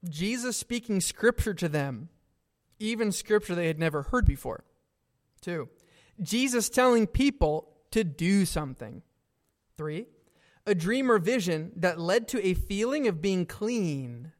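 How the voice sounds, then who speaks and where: A man delivers a sermon in a fairly high voice. He takes his time and speaks with earnest conviction. He leans on pointed questions to press each point home. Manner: earnest, deliberate preaching with emphatic questions. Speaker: preacher.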